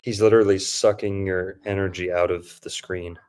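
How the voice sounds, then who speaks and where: A man's voice: deep voice, level tone, moderate pace, a little mellow. A man hosting a podcast in casual chat, joking and mocking as he riffs. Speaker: podcast host.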